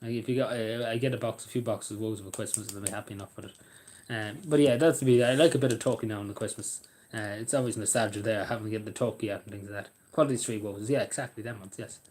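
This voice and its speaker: A man's voice: fairly low pitch, fairly even intonation, quick pace, a little mellow, slight background noise. A man vlogging in a rambling, casual way, swearing freely and drifting between topics. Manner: meandering, swears freely, laughs at own jokes. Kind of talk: rambling casual live chat.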